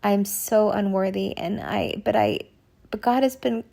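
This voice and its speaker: Gravelly-voiced woman giving a halting testimony. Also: mid-range voice. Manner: halting, searching for words with many restarts; soft, often dropping to a near whisper. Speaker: person sharing a spiritual testimony. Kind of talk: personal testimony monologue.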